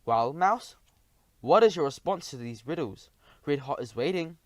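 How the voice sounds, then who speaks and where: A huge, boastful storybook dragon, voiced by a male audiobook reader, who gloats over his dinner. He talks about himself by name and booms with menace. The recording is close and dry. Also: animated, normal speed, no room sound, natural voice. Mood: menacing. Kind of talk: audiobook character voice.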